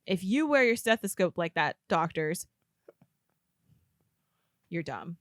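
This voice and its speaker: A woman's voice: mid-range voice, animated, normal speed, a bit bright, dry recording, studio quality. A woman co-hosting a casual movie podcast, rambling through her complaints about the film. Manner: chatty, rambling with fillers. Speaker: podcast co-host. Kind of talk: casual movie recap chat.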